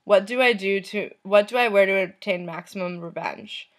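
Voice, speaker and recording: Reading messages aloud, a female vlogger speaks at a middle pitch. She's soft and unhurried, letting her voice trail off at the end of lines.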